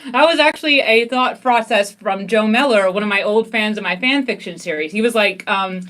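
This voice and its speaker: A woman's voice: mid-range voice, fairly quick, a bit bright. A young woman writer chatting casually and rambling with lots of fillers and giggles. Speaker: fan fiction author, host. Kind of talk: casual review chat.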